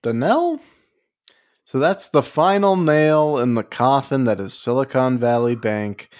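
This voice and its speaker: Lively, joking hoarse man podcaster. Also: mid-range voice, unhurried. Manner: jokey, swearing, goofy bits. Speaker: podcast co-host. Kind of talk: casual comedic movie podcast chat.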